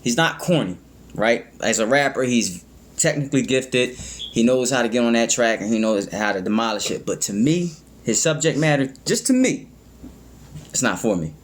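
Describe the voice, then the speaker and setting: Male reaction host, medium pitch, casual and rambling, stumbles on words. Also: lively intonation, normal speed, slight background noise. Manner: rambling, fumbles words, many "you know what I mean".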